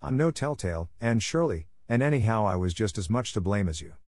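A man's voice: on the low side, expressive, fairly quick, a little mellow, no echo, clean studio sound. A man doing a spirited young girl. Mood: frank. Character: loyal, spirited young girl best friend.

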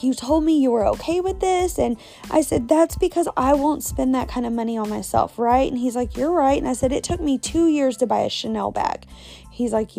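A woman hosting a podcast, telling a personal story in a candid, animated way and swearing freely. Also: on the high side. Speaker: podcast host. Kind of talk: casual storytelling monologue.

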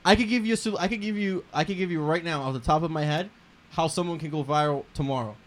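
A man in a casual group chat, animated and laughing, acting out loud yells. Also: fairly high pitch, quick pace.

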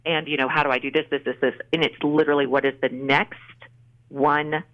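A woman's voice: low-pitched, fairly even intonation, a little fast, lo-fi sound. A woman author giving an earnest faith testimony in a podcast interview, acting out the voices in her stories. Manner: earnest storyteller, acts out quotes. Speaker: author guest.

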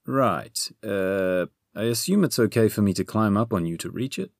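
A man voicing a nervous, fussy male wizard in an audiobook, hesitant and full of little pauses. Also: fairly low pitch, lively intonation, gravelly, no echo, clean studio sound. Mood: fidgety. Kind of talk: audiobook character voice.

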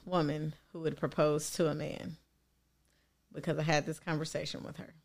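Young woman, low voice, argumentative, casual talk. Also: level tone, normal speed, vocal fry. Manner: argumentative, explains at length. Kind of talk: casual group chat.

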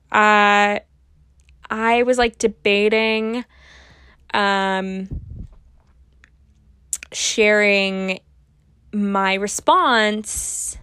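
Woman in her twenties, podcast host, unhurried and rambling, dry close sound. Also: mid-range voice, a bit bright, clean tone, dry recording. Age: 20s. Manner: rambling, full of fillers and restarts, self-mocking, swears casually. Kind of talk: casual solo podcast monologue.

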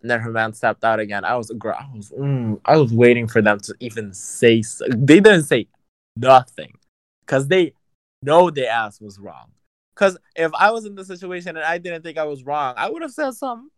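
A man in casual chat, telling a story in an animated, profane and sassy way. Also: mid-range voice, normal speed, no echo.

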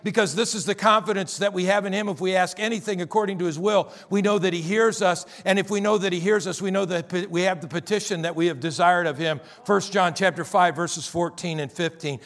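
A pastor delivers an emphatic sermon in a fairly high voice. He hammers on repeated phrases, stretching out the words that matter most. At times he sinks into a quiet, weary tone. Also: fairly even intonation. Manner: emphatic, repetitive preaching with drawn-out stressed words; drops to quiet, weary tones mocking tired believers.

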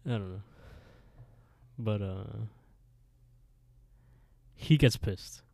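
A man with a low, mellow voice recaps a TV plot in casual chat. He jumps into the characters' lines and laughs along the way. The sound is dry and close. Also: very slow, no room sound. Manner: animated retelling, switches between characters' lines, laughs often. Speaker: podcast co-host recapping an episode. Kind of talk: casual chat, retelling a plot with quoted dialogue.

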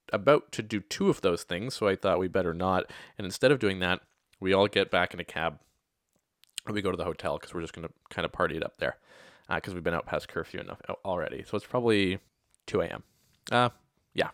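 A man's voice: on the low side, fairly bright tone, dry recording, clean studio sound. A man casually telling a personal anecdote, rambling and correcting himself with side remarks.

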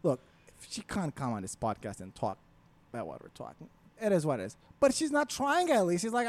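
A man's voice: fairly high pitch, a little fast. A man on a podcast, ranting casually with a lot of swearing. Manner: profane, ranting, animated.

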